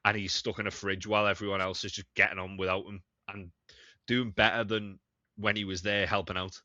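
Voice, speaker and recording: A man's voice: lowish voice, little pitch movement, a little fast, sharp tone, no echo, highs cut off. A man co-hosting a TV review podcast, chatting casually, swearing freely and restarting his sentences. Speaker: podcast co-host.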